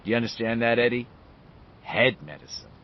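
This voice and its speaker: A man reading the part of a controlling older male pharmacist who lectures in a measured, quietly sharp way. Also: medium pitch, animated, lo-fi sound, slight background noise, natural voice. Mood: condescending.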